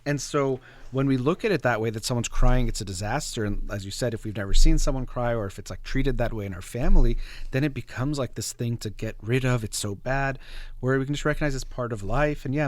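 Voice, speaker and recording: A man calmly explaining psychology on a talk show, reflective and full of everyday examples. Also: medium pitch, quick pace, dry recording.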